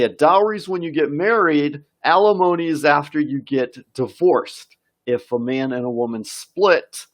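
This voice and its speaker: A man teaching an English vocabulary lesson on a live stream, reading viewer comments aloud and encouraging them. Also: mid-range voice.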